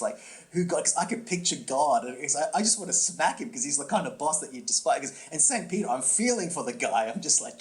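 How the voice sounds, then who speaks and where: Animated male comedian storyteller. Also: fast. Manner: animated storyteller, swooping pitch, lots of fillers and restarts. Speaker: podcast co-host and comedy workshop instructor. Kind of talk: casual podcast chat, storytelling.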